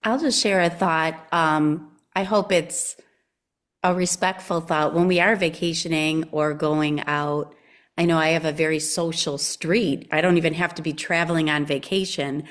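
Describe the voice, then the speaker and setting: A woman's voice: deep voice, fairly even intonation, normal speed. A woman attending an online talk, sharing a casual thought in a hesitant, polite way. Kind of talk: casual chat.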